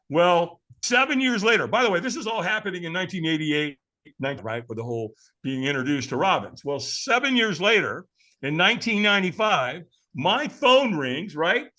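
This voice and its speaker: A man in his sixties tells his story as a podcast guest, his slightly high voice jumping all over as he acts out the people in it. The tone is bright and forceful, and he chuckles through the telling. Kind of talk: animated storytelling.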